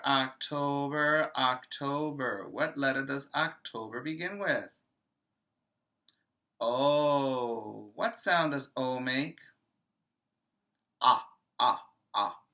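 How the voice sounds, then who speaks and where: A man teaching preschoolers over video, with a bright, forceful tone. He talks very slowly, in a sing-song voice, repeating each word so small children can follow. His questions are gentle and coaxing. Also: mid-range voice. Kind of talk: virtual preschool lesson.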